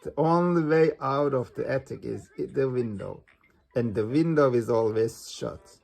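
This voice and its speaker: A gentle, soothing granny pig from a children's storybook, as the reader puts her on. The voice is breathy, with a gravelly edge. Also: mid-range voice, measured pace. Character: kindly grandmother pig. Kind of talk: storybook read-aloud.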